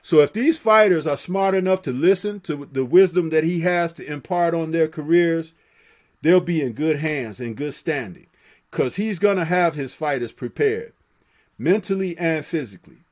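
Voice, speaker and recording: A man hosting a live boxing talk stream, animated and profane, laughing often and reading viewer comments aloud. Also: a little high, moderate pace.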